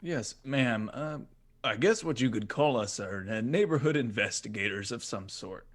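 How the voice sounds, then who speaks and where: A man's voice: mid-range voice, expressive, normal speed. A man playing his character in a tabletop game, stammering politely through hesitant, nervous answers. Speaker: player. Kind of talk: in-character tabletop role-play.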